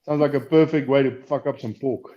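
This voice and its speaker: A man's voice: medium pitch, fairly even intonation, brisk. A man hosting a casual live stream, teasing his friends crudely, in muffled lo-fi audio. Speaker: host.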